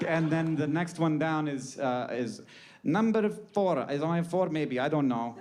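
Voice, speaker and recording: A man's voice: fairly high pitch, normal speed, darkish tone, some chatter behind. A man delivering a rambling, wry comedic monologue, profane at times, over a noisy recording.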